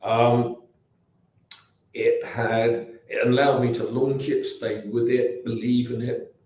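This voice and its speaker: Slow and level, with a medium-pitched, slightly mellow voice, a man in his sixties from England recounts rambling anecdotes as a company founder in a casual interview, with restarts and asides. He has an English accent, and the room echoes heavily.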